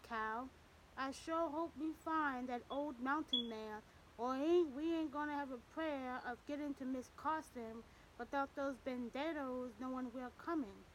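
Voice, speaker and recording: An easygoing young cowboy in an audiobook western, voiced by a woman reader. He speaks plainly in a folksy drawl, with a high-set voice. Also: unhurried, a little hiss or hum, rough recording.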